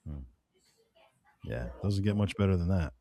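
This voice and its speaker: Male podcast host, casual interviewer; lowish voice, dry close recording, brief reactions and relaxed questions. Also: moderate pace, no room sound. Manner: short interjections, easygoing questions.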